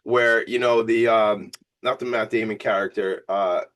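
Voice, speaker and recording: A man with a Long Island New York accent, hosting an interview in an energetic, rambling, playful way. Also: fairly low pitch, normal speed. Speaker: podcast host. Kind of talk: casual interview chat.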